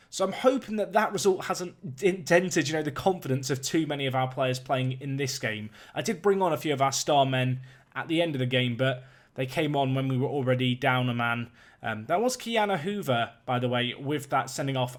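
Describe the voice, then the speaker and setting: Man, young, game match commentary, excitable play-by-play, fairly high voice. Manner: excitable play-by-play, rising on chances.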